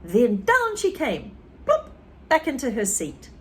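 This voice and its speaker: A woman teacher reading a children's story to a class, with expressive delivery and asides to the listeners. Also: fairly high pitch, takes it slowly, a little hiss or hum. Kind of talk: children's story read-aloud.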